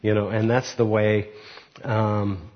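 A man preaching and then reading a children's story aloud, unhurried and reflective, with fillers. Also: on the low side, little pitch movement, big-room sound. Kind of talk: sermon with a read-aloud story. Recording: muffled recording.

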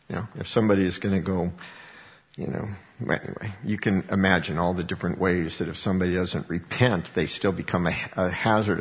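A pastor with a fairly low, creaky voice preaches a sermon, reading scripture aloud and then explaining it conversationally with rhetorical questions. The recording is muffled and has a big-room sound.

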